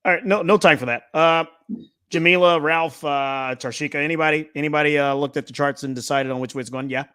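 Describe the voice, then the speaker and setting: An upbeat man hosts a live trading session, talking in a loose, playful, energetic way. He jokes with the people watching as he works through the charts. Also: on the high side, fairly quick, clear, resonant tone. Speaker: trading stream host. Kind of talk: casual live-stream chat.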